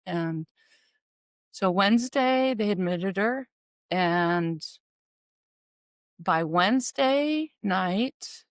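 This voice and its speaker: A woman's voice: fairly low pitch, creaky, dry recording. A middle-aged woman earnestly retelling a personal story, acting out the dialogue as she goes.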